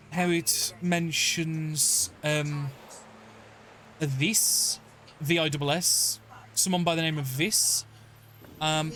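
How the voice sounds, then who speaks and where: A man running a tabletop game as dungeon master, his voice slightly higher than most men's. He rambles, restarts and fills with ums and likes. Faint noise sits under the recording. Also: a bit bright. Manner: rambling, many fillers and restarts.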